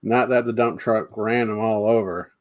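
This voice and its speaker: A man hosts a relaxed conversation in a low voice. He talks in a halting way, stopping often on fillers before he finds his words. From New York State. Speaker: host. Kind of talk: casual chat.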